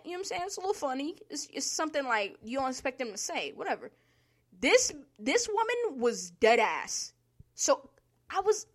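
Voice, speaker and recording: A woman's voice: fairly high pitch, a bit bright. A young woman, telling a work story in a casual, profane monologue, laughing often and acting out the people she quotes.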